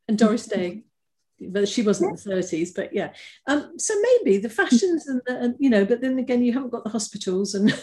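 An older woman, a guest in a casual interview, chatting through fond stories with restarts and bursts of laughter. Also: on the high side. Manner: chatty, warm-hearted anecdotes with frequent restarts and laughter. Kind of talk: casual conversational storytelling.

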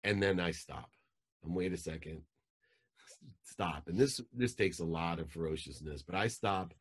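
A man's voice: low-pitched, normal speed, breathy edge. A man in his forties, a life coach telling a motivational story in an intense, emphatic way.

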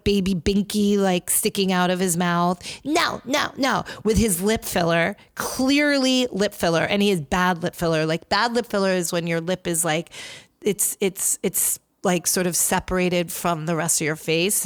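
A woman's voice: lowish voice, no room sound, clean studio sound. A woman from New York hosting a podcast alone, talking in a chatty, gossipy, sarcastic way with lots of fillers. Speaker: podcast host. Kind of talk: casual solo podcast commentary.

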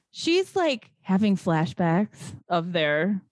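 Sarcastic woman with a lively voice. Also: on the low side, very slow, no echo. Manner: sarcastic, swears, acts out characters' lines. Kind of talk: casual chat recapping a movie.

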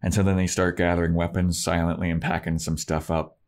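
A man's voice: sits low, level tone, fairly quick. A man co-hosting a podcast, casually recapping a TV episode in a loose, profane storytelling manner. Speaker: podcast co-host.

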